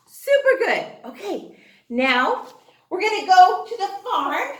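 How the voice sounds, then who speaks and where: A high, bright woman's voice swooping through a children's phonics lesson in a playful sing-song. She talks slowly and leans on every sound, in an echoey room. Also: sing-song. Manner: exaggerated sing-song teacher voice, gasps and prompts. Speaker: teacher.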